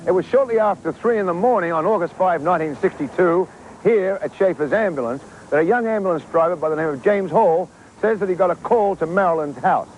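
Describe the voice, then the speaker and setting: A man's voice: sits high, brisk, darkish tone, slight background noise, rough recording. A man narrating a TV investigative report in a scripted, dramatic, emphatic way.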